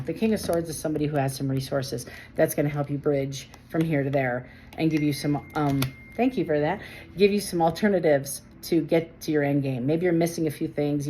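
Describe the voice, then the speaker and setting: Low-voiced, emphatic woman tarot reader. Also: a little hiss or hum, rough recording. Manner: emphatic, animated, repeats phrases for stress. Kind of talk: casual tarot reading with personal storytelling.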